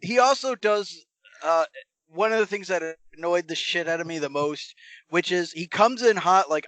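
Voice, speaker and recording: A man with a high voice rants bluntly about a film character on a casual podcast, swearing freely. His voice is recorded close and dry, with no room sound. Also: normal speed, no echo. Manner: animated rants, blunt and profane. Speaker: podcast co-host. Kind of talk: casual movie-review banter.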